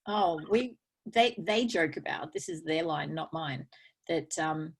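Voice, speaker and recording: Aussie lady guest chatting, husky low voice, laughs a lot, lots of ums. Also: lively intonation. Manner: chatty, laughs often, halting with fillers. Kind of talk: casual conversation.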